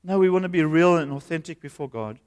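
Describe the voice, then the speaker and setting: A man's voice: a little high, lively intonation, fast talker, a little mellow, smooth. A man, a pastor preaching an earnest, conversational sermon in a church. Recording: long hall reverb.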